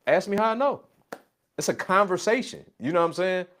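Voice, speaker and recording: A man's voice: sits high, very animated, fairly quick, a bit bright. Emphatic man coaching in a casual chat. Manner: emphatic, repeats catchphrases. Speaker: business coach.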